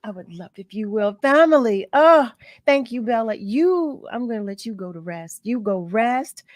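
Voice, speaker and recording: A woman's voice: fairly high pitch, animated, normal speed, no room sound. A woman radio host closing an interview, effusive and heartfelt in her thanks. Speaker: radio talk show host. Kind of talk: on-air interview wrap-up.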